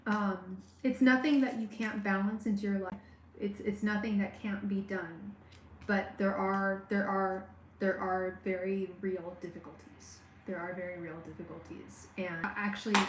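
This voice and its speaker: A woman giving a live tarot reading on a stream, speaking warmly and straight to the viewer, with many halting restarts and fillers. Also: medium pitch, fairly even intonation, echoey room, slight background noise, poor audio. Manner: warm, personal, talks straight to the viewer. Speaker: tarot reader.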